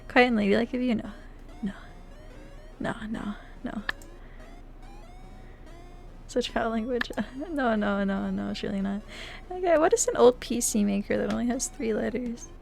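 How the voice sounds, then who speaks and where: A young woman streaming live, chatting casually with her viewers, playful and laughing, swinging between loud outbursts and quiet mumbling. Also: a little high, brisk, gravelly, soft background music. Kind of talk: casual live-stream chat while playing games.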